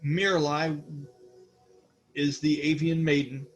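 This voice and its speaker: Guy running a tabletop game, kinda high voice, rambly, faint music behind. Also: flat delivery, slow. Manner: rambling, many fillers. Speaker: game master.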